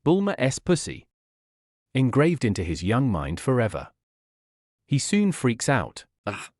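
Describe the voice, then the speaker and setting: A man reading fan fiction aloud as animated storytelling. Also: mid-range voice, a little slow, dry recording, clean studio sound.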